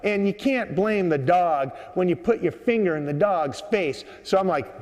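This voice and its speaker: A man's voice: high voice, unhurried, few pauses. Man rambling a story on a subway platform. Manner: rambling, many uh fillers, relaxed. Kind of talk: live storytelling monologue. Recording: echoey underground platform.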